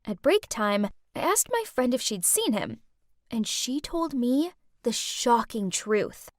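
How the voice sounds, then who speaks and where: A woman's voice: on the high side, sing-song, slow pace, dry recording, clean studio sound. A woman telling a scripted first-person storytime in a chatty, dramatic teen persona. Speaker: storytime narrator.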